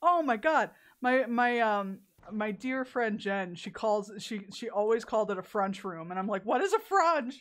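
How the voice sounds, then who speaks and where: A young woman from the Southern United States talks to her stream chat while she plays. Her pitch sits in an ordinary middle range. She rambles, swears casually and breaks into laughter between thoughts. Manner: chatty, laughs often, swears freely.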